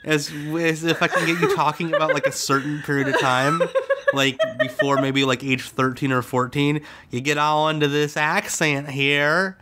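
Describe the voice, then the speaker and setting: A man's voice: on the high side, flat delivery, moderate pace, noisy background. A man co-hosting a podcast in casual chat, sarcastic and mock-dramatic as he teases his co-host.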